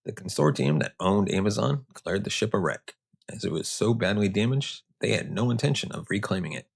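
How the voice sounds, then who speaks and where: Gravelly man narrating history. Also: lowish voice, lively intonation, fairly quick. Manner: joking, conversational digressions. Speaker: host. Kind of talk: history narration with casual asides.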